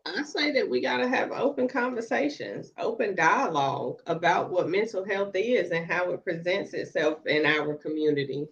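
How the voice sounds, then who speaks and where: A woman's voice: lowish voice, expressive, normal speed, few pauses. A woman, co-hosting a casual discussion over a video call. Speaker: co-host. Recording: dull lo-fi call audio.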